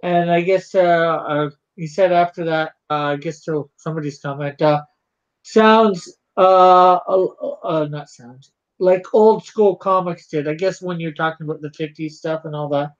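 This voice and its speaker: A man's voice: a little high, fairly even intonation, measured pace, dull audio. A man hosting a livestream, relaying viewer comments in a hesitant way. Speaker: livestream host. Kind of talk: casual chat on a livestream.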